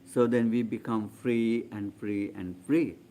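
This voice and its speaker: Man, meditation teacher, very slow pace, halting with fillers. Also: lowish voice, steady tone, mellow, slight background noise. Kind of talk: guided meditation talk.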